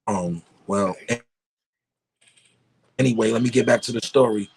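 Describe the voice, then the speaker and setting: A man's voice: mid-range voice, moderate pace, creaky, breathy edge, no room sound. A middle-aged man from Harlem, a guest rapper telling a laid-back, profane story. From Harlem, New York. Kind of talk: casual storytelling.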